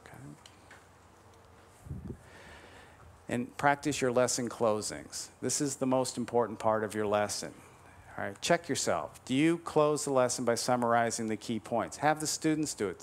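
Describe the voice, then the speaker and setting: A man giving a motivational lecture to golf teachers, emphatic, slowing on key advice and tagging his points with "all right?". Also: medium pitch. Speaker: conference speaker to golf teachers.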